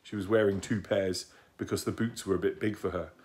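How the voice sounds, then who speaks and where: A man calmly reading a children's book aloud as narrator. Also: low voice, brisk.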